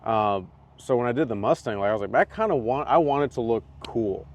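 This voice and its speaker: A brisk, medium-pitched male voice belongs to a driver co-hosting an easygoing podcast outdoors at a race track. Faint trackside sounds linger as he tells lively stories, performs what others said, and often breaks into laughter.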